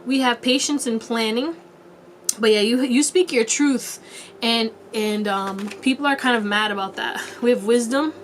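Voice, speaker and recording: Speaking at a normal pace in a fairly high voice, a woman does a laid-back tarot reading for her viewers, with slight noise in the background. She chats playfully, leans on slang, and laughs a lot.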